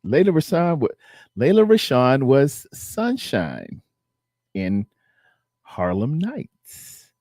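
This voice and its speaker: A man's voice: medium pitch, huge pitch swings, takes it slowly, pauses often, mellow, no echo. A middle-aged man, hosting a casual live stream and rambling as he chats with his viewers. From Virginia.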